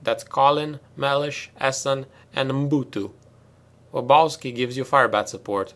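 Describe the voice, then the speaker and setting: A hard, commanding female marine lieutenant barks clipped, sardonic orders at her squad, as a man reading a sci-fi audiobook puts her on. She speaks louder and a touch higher than the reader's own voice, with a cold bite under the authority. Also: fairly even intonation, unhurried.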